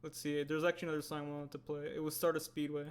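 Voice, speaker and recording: This man's voice has a fairly high pitch and a smooth, level tone, and he talks very fast. He's livestreaming his stop-motion animation work, casually chatting, rambling, and revising his words mid-sentence.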